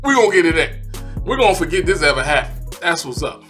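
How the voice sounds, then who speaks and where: Fired-up man ranting, high bright voice. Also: quick pace, faint music behind. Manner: animated, exasperated, repeats "man" and "you know what I'm saying". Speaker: vlogger. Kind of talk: heated casual rant.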